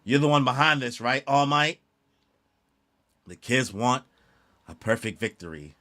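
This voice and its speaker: A man voicing an aging male mentor hero in a deep, earnest reading voice. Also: animated, unhurried, sharp tone. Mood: solemn.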